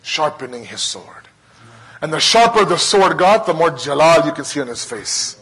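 A man's voice: a little high, sing-song, normal speed, a bit bright, rough recording. A male preacher telling a religious story as a sermon, impassioned and dramatic, with much repetition.

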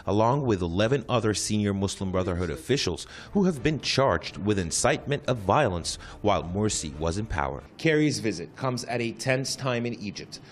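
Low-voiced male news correspondent. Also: slight background noise. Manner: measured, formal reporting. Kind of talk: news report narration.

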